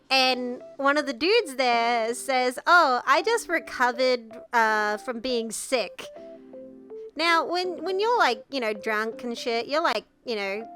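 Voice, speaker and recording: A woman's voice: a little high, pushed and bright. A young Australian woman streamer telling a story in casual chat while sick with the flu, coughing now and then, laughing often and swearing freely. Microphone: headset mic.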